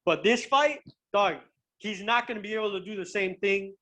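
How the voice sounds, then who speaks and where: High-voiced profane young man telling stories. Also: moderate pace. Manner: profane, animated, stumbling restarts. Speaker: guest, pro MMA fighter. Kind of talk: casual chat, storytelling.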